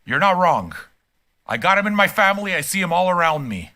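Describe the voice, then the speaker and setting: Heated, high-voiced older man ranting. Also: very animated, fairly quick, bright, forceful tone. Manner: profane, emphatic and heated. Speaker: streamer reacting to music. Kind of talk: casual ranting commentary. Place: home room.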